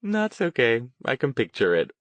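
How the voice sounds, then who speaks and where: A man's voice: mid-range voice, wildly swooping pitch, moderate pace, a bit bright, dry recording, pitched above the performer's own voice. Brief: cheeky twenty-something apprentice girl, bouncy and lilting, a male narrator lifting his voice. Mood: teasing. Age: 20s. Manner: playful, teasing. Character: young woman apprentice, cheeky and teasing.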